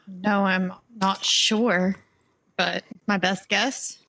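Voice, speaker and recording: A woman's voice: mid-range voice, level tone, drawn-out words, pushed and bright, slight background noise, poor audio. A woman playing a tabletop game, speaking casually in a playful, hesitant way. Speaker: player.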